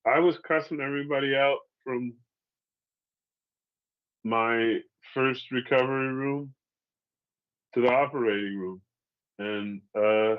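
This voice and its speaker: Slow-talking man telling a blunt story. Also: mid-range voice, lo-fi sound. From Seattle, United States. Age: 40s. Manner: candid, profane, laughs while telling hard events. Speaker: guest telling his survival story. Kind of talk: casual storytelling.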